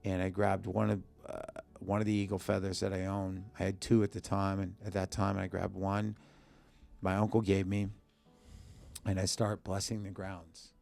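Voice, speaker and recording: A man's voice: sits low, monotone, moderate pace, vocal fry, a little mellow, faint music behind. A man, a musician guest on a podcast in a studio, telling a personal story in short bursts and acting out the dialogue he quotes. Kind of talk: emotional personal storytelling in an interview.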